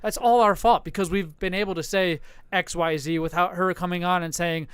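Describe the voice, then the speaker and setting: A man with a high, smooth voice co-hosts a casual podcast and likes to provoke people, swearing freely and laughing a lot. His voice is recorded dry and close, with no room sound. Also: steady tone, fairly quick, fairly bright tone, dry recording. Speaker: podcast co-host.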